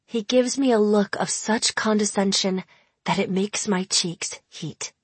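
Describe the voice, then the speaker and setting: Slow breathy woman narrating a story. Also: medium pitch, no echo. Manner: measured, intimate storytelling. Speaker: audiobook narrator. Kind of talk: first-person audiobook narration.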